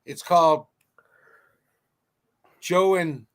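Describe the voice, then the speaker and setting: A man co-hosting a casual podcast, telling an anecdote in a chatty, animated way. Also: on the high side, extremely slow. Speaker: podcast co-host.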